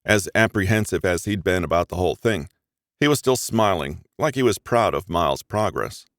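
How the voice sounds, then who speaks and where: A man narrating a first-person romance audiobook in an expressive, even storytelling manner. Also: sits low, moderate pace, dry recording, clean studio sound.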